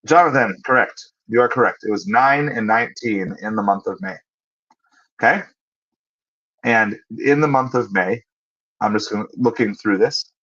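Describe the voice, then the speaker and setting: Guy with a lowish voice chatting on his stream, answering chat, kinda dull lo-fi audio. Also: fairly bright tone. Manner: conversational, thinks aloud, pauses with fillers while looking things up. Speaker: livestream host. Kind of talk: casual livestream chat answering viewers.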